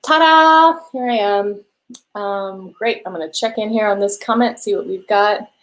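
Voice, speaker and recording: A woman vocal coach leading a live-streamed warm-up lesson, encouraging and gently guiding listeners through sung exercises. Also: medium pitch, fairly even intonation, moderate pace, rough recording. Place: home room with a piano.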